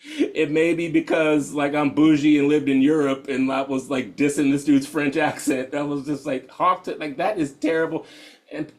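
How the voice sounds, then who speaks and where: Male meditation guide, casual and slangy, voice a touch high. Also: fairly even intonation, moderate pace, a little mellow. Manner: laid-back, slangy, laughs often. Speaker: meditation teacher.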